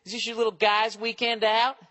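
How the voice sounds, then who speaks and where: A man's voice: high-pitched, little pitch movement, fairly quick, bright, forceful tone, long reverb tail, pitched above the performer's own voice. A man voicing a condescending woman who mocks in a sing-song way. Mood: mocking. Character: condescending mocking adult woman.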